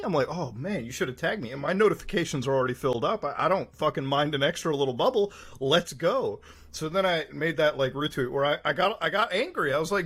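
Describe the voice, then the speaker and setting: A young man in his twenties talking on a podcast, with a slightly higher voice than most men. He tells his story in an animated way, swears a lot and acts out the quoted back-and-forth. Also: quick pace, breathy edge. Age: 20s. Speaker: podcast co-host. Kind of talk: casual podcast chat.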